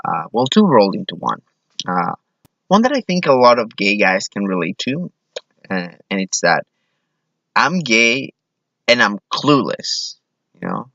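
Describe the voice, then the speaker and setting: A man's voice: fairly low pitch, big pitch swings, unhurried, vocal fry, pauses often, sharp tone, dry recording. A man from Mexico telling a self-deprecating personal story on stage, acting out what people said. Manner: self-deprecating, acts out quoted voices. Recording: dull, lo-fi sound.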